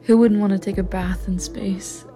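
A young woman acting out a caring partner in an audio role-play, talking gently and reassuringly with light teasing. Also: mid-range voice, fairly even intonation, normal speed, faint music behind, lightly acted. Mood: gentle.

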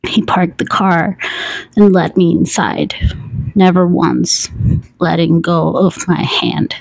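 A woman narrates an erotic story in the first person, keeping her delivery hushed and intimate and often sliding into whispers. Her voice sits a little low, with a vocal-fry rasp. She reads very slowly into a close, dry mic. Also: flat delivery, no room sound, low-quality recording.

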